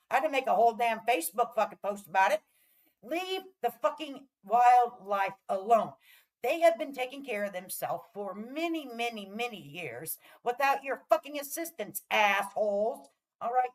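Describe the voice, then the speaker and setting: A woman's voice: on the high side, low-quality recording. A middle-aged woman ranting casually to her viewers in a profane, rambling, heated way, often checking in with "all right?". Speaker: vlogger. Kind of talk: casual rant to camera.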